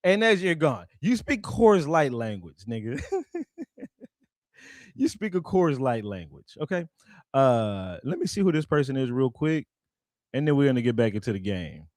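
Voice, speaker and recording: A man's voice: mid-range voice, big pitch swings, moderate pace, darkish tone, no echo, clean studio sound. A man hosting a livestream, talking with callers in a confrontational, mocking, trash-talking way. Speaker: livestream host.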